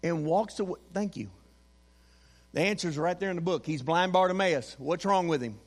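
A man preaching a sermon in a church, animated and calling on the congregation to repeat phrases back to him. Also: fairly high pitch, normal speed, big-room sound. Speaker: pastor. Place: church sanctuary.

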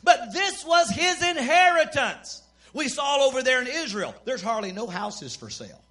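A man preaching a sermon in a folksy, emphatic manner, building from plain storytelling to shouting. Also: very high-pitched, big pitch swings, moderate pace.

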